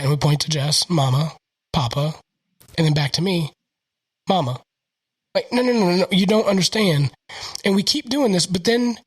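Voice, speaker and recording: A man's voice: high voice, slightly rough, no echo, poor audio. A young man with a Southern US accent, hosting a casual podcast chat and telling stories in a laid-back way. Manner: laid-back, storytelling with quoted voices. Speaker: podcast host.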